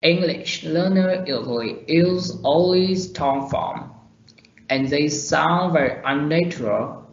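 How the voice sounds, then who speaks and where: A young man with a Vietnamese accent reading a class presentation slowly and deliberately. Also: a little high. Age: young adult. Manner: slow, deliberate reading of examples. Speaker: student presenter. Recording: echoey dull lo-fi room recording.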